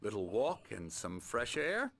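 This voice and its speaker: An actor playing a calm, condescending middle-aged psychiatrist in a video game, speaking in a soothing, measured way. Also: male voice, lowish voice, creaky, full character voice. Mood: calm persuasive.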